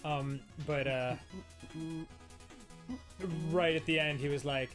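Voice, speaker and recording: Animated, laughing man telling stories. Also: fairly high pitch, slow pace, soft background music. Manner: animated, laughs often between lines. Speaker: co-host. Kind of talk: casual comedic storytelling.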